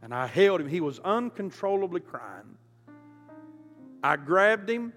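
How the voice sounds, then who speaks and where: Preacher, high voice, impassioned storytelling sermon in a reverberant hall over soft music. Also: male voice, big pitch swings, measured pace. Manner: impassioned, surging from quiet to loud. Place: church auditorium.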